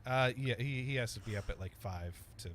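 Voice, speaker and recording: A man's voice: medium pitch, brisk, fairly bright tone. A man hosting a live stream, chatting casually, joking and laughing often. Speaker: stream host.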